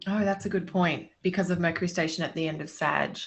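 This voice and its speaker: A woman's voice: on the low side, steady tone, fast talker, creaky. A woman astrologer chatting casually and enthusiastically on a podcast. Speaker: astrologer guest. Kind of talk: casual chat.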